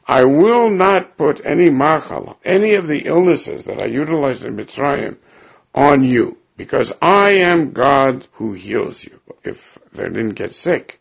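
A man's voice: mid-range voice, creaky, slightly rough, muffled recording. A man teaching a Talmud class who reads passages aloud, explains them in English, and acts out the quoted speakers. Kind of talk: Talmud class, reading and translating.

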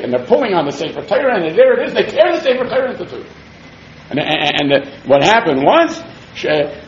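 A man's voice: high voice, a little hiss or hum. A man teaching a Talmud class, telling the story with animation, acting out the sages' quarrel and weaving Hebrew and Yiddish terms into his English. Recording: echoey room, dull lo-fi sound.

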